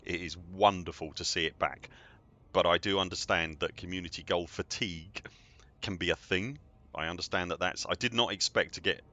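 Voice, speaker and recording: A man's voice: deep voice, bright, forceful tone. A man, chatting and joking in a rambling way as a game streamer at home. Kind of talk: casual livestream chat.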